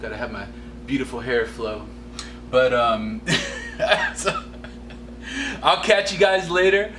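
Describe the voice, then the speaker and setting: A man's voice: mid-range voice, sing-song, takes it slowly, sharp tone, a little hiss or hum. A man demonstrating art supplies in a warehouse, talking in a laid-back, slangy, joking way. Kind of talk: casual demo video talk.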